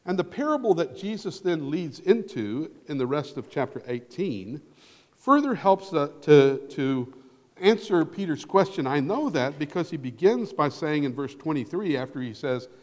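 Guy preaching, slightly high voice, gets loud then real quiet, echoey church hall. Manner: earnest preaching, swells loud then drops to near whisper. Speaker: pastor. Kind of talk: sermon. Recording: long hall reverb.

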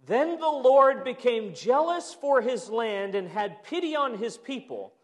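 A man preaching a sermon as a pastor, moving from loud emphatic bursts to hushed, quiet lines. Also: very high voice. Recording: long hall reverb.

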